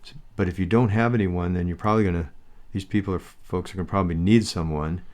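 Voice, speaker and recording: An older man co-hosting a candid podcast, talking in a steady, thoughtful, plain-spoken way. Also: low-pitched, quick pace. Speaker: podcast co-host, husband.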